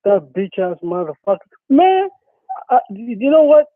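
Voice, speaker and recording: A man's voice: very high voice, sing-song, a little slow, dry recording. A man calling in to a talk show, ranting with a profane, repetitive, worked-up manner. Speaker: caller. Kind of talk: angry phone-in rant. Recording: tinny phone line.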